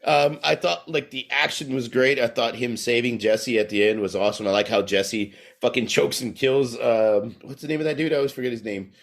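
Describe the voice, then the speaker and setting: Gravelly-voiced man ranting in casual chat. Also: medium pitch, a little fast, hardly any pauses. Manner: profane, animated, laughing while ranting. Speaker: podcast co-host.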